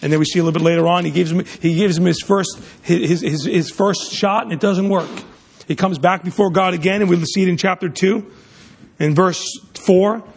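Guy preaching a sermon, gravelly and raspy, keeps restarting his words. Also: high voice, steady tone, a little fast. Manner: emphatic preaching with frequent restarts.

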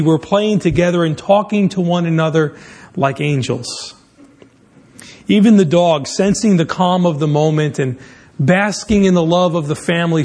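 A pastor preaching, opening with a lively illustrative story before turning to his sermon topic. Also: a little high. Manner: animated storyteller, speeds up in tense moments.

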